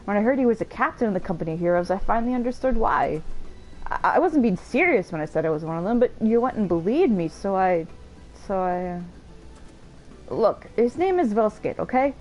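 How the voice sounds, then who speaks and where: Desperate young male fibber begging forgiveness read by a woman, rambling and pleading, swooping pitch. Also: big pitch swings, a little fast, darkish tone, faint music behind, close to an everyday voice, poor audio.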